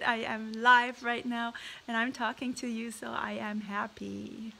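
Bubbly German-accented woman with a bright, gravelly voice. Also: fairly high pitch, fairly even intonation, slow, slight background noise, rough recording. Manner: bubbly, laughs often, reads viewer names aloud. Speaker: parrot vlogger hosting a live stream. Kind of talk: casual live-stream chat reading comments.

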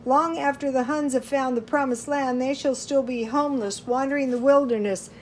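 A woman's voice: sits high, fairly even intonation, moderate pace, a little hiss or hum, lightly acted. A woman voicing a stern old male prophet who rises to wrathful rebuke in a storybook reading. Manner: rising to thunderous rebuke.

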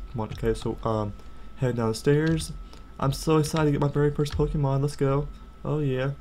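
A young man giving casual, jokey let's play commentary and reading game text aloud, excitable and prone to sudden outbursts. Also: a little hiss or hum. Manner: excitable, jokey, jumps to high-pitched outbursts. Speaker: gaming channel host.

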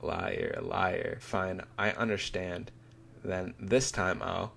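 A man's voice: low voice, steady tone, slow pace, creaky, a bit bright, full character voice. A man reading aloud the lines of a boastful, lonely young boy demon from a manga, in nearly his own voice. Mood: stubborn. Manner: read aloud from a manga, barely acted.

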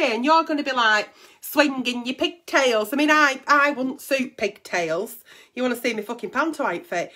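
A woman's voice: sits high, lively intonation, normal speed, bright, forceful tone. A woman hosting an advice show, blunt and teasing, swearing freely in casual comic chat.

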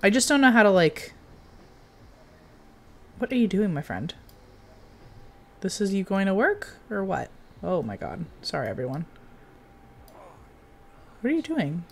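A young woman talks her way through a game in a loose, chatty running commentary. Her pitch swings widely, and she breaks into sudden excited outbursts between quieter asides. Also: a little slow, vocal fry, pauses often, slight background noise. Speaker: game streamer. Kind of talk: casual gameplay commentary.

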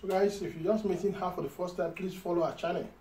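A man with a high but mellow voice banters in a joking skit over a meal, mock-earnest and quick to laugh. He sounds distant from the mic in an echoey room with faint noise behind him. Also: fairly even intonation. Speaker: co-host playing a visitor.

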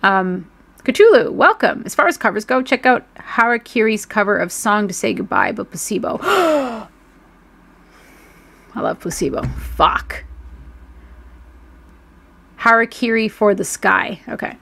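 A woman in her thirties hosts a casual live stream, reading chat messages aloud and reacting to them. Her voice has a gravelly, fry-laden edge. She swears freely and laughs easily. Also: medium pitch, very animated, a little slow, pauses often, a bit bright.

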